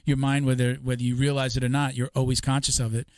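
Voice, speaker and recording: A man's voice: medium pitch, fast. A man in his fifties hosting a podcast, chatting casually and rambling with many restarts while acting out what others said. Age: 50s. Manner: animated storyteller, acts out quotes of others. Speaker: podcast host. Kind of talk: casual chat.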